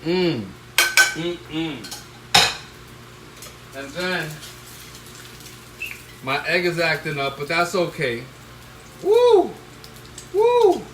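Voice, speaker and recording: This middle-aged chef, with a fairly high voice, draws out his words and pauses often while hosting a live cooking stream at his stove, recorded on a handheld phone. Coaching with "okay?" and "all right?", he bursts into excited whoops. The audio is very noisy, with clear frying sizzle and kitchen clatter.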